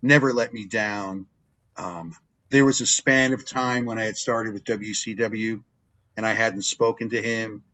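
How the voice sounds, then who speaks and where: A man's voice: fairly low pitch, a little slow. Older man telling stories as a guest. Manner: animated storyteller who acts out remembered dialogue. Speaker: wrestling ring announcer, guest. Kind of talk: casual interview storytelling.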